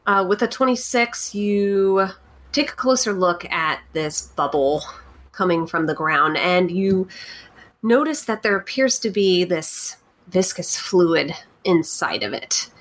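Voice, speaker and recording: Slow, hesitant woman running a tabletop game. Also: lowish voice. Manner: hesitant, many fillers. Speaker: game master.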